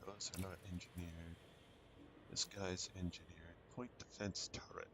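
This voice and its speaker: A man's voice: low-pitched, little pitch movement, unhurried, noisy background. A man with an American accent streaming a game on a headset mic, chatting casually and thinking aloud with plenty of ums. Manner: thinks aloud with many fillers. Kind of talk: casual gameplay chat.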